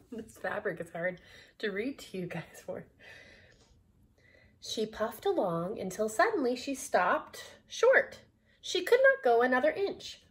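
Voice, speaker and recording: A woman's voice: fairly high pitch, very animated, slow pace, long pauses. A woman reading a children's storybook aloud, adding laughing asides to her listeners. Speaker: storybook reader.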